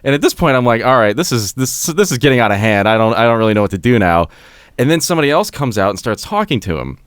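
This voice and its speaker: Man, podcast storyteller, lively pitch, acts out voices, dry close sound. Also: quick pace, clear, resonant tone, dry recording. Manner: acts out quoted voices, laughs while telling. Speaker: podcast co-host telling a story. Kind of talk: casual chat, animated anecdote.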